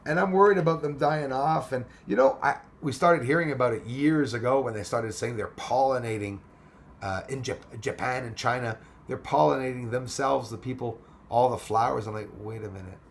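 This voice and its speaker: A man's voice: mid-range voice, moderate pace, gravelly, slight background noise. A man hosting a casual livestream, rambling and thanking viewers by name as he reads their comments aloud. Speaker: livestream host reading chat. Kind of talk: casual live chat.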